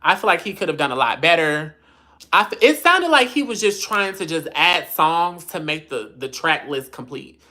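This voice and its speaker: Woman, livestream host, low pitch, forceful bright tone, sassy, blunt, casual chat. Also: very animated, normal speed. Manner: reads viewer comments aloud and answers them.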